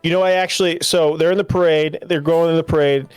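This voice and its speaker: A man co-hosting a casual podcast, retelling a movie in an animated, rambling way. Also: on the high side, fast talker, smooth, no room sound, soft background music. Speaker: podcast co-host. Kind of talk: casual movie review chat.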